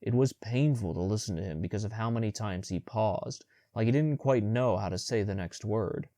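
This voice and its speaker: A man narrating a young adult audiobook in the first person with steady, measured storytelling. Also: fairly low pitch, no room sound, clean studio sound.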